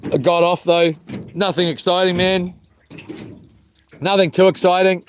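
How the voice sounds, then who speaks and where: A man's voice: sits high, little pitch movement, measured pace, slight background noise. A man, rambling and joking to his live chat from a small boat while fishing, with lots of ums. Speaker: fishing livestreamer.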